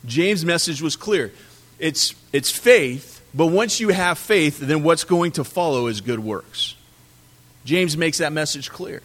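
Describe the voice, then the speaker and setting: Animated preaching man, fairly high voice. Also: slow. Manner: animated preaching, swinging from loud emphasis to quiet drops. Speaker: pastor. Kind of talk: sermon.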